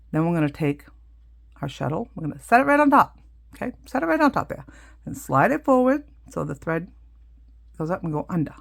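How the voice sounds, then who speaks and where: Middle-aged woman, how-to teacher, chatty and loose, gravelly low voice. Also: sing-song, normal speed, long pauses. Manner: chatty, explains hands-on with many asides. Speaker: craft teacher. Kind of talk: casual how-to demonstration.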